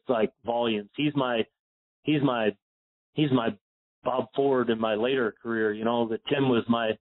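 A man from Pennsylvania, a golf instructor telling a long personal story in an interview, rambling with many fillers and getting choked up. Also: mid-range voice. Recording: phone-like line.

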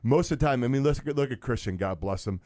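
Rambling former player telling stories. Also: male voice, medium pitch, lively intonation, quick pace, a little mellow, no room sound, studio quality. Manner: rambling anecdotes with fillers and laughs. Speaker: co-host, former football player. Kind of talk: casual sports chat, storytelling.

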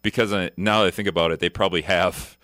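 A man's voice: sits low, fairly even intonation, quick pace, fairly bright tone, dry recording, clean studio sound. A man hosting a talk radio show, rambling through statistics and correcting himself as he goes. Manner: rambling, self-correcting, reading off numbers. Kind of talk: casual talk radio chat.

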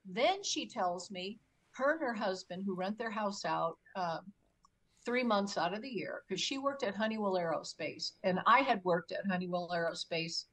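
This older woman, a UFO experiencer appearing as an interview guest, has a mid-range voice and a moderate pace. The recording quality is low. She's an animated storyteller who performs what people said, including her own lines.

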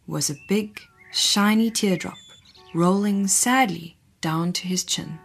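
A woman with a mid-range, creaky, husky voice reads a children's story aloud gently and expressively at a measured pace.

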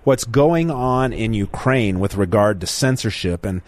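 A man's voice: fairly low pitch, expressive, a little slow, no echo. A man hosting a talk radio call-in show, talking bluntly and with indignation to his callers. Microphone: studio microphone.

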